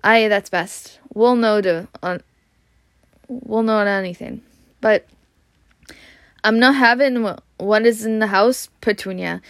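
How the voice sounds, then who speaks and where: A woman voicing a blustering, angry middle-aged uncle with a gruff manner. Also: medium pitch, takes it slowly, pauses often, no echo, studio quality.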